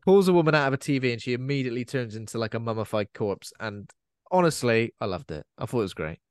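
A man's voice: mid-range voice, expressive, quick pace, no room sound, clean studio sound. A man co-hosting a podcast, chatting casually about a film and wandering from point to point. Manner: chatty, digressive, often quotes characters in silly voices. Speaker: podcast co-host. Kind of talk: casual film-review chat.

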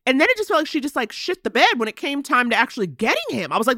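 A woman's voice: high voice, racing, no room sound, studio quality. A woman co-hosting a casual TV recap chat. She is emphatic and acts out the characters as she retells scenes. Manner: animated and emphatic, voices characters while retelling. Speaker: podcast co-host.

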